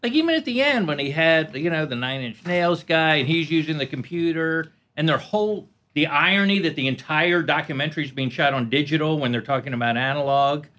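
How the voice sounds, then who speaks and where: A man, a guest on a podcast, chatting casually and giving animated, opinionated takes. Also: fairly high pitch, fairly quick, few pauses. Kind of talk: casual chat.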